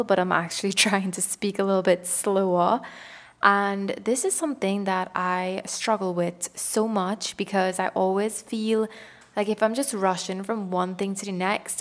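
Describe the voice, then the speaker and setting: A young adult woman hosting a self-help podcast, talking casually and earnestly and laughing at herself now and then. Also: medium pitch. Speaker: podcast host.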